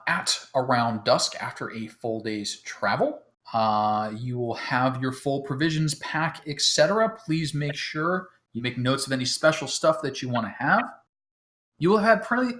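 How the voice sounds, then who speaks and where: A man acting as game master, explaining the setup to his players in a relaxed way, with many fillers and chuckles. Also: fairly high pitch, moderate pace. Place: home, talking over voice chat.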